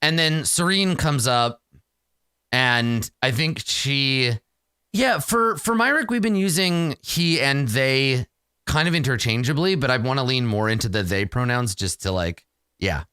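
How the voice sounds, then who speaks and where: Man, solo tabletop narrator, casual, self-mocking, smooth voice, dry close sound. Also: mid-range voice, animated, measured pace, bright, forceful tone, no echo. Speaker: solo game player and narrator.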